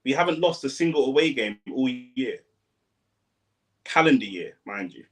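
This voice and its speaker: A young man, a fan streamer giving casual, slangy live commentary on a football match, breaking into sudden loud outbursts. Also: mid-range voice, lively intonation, normal speed.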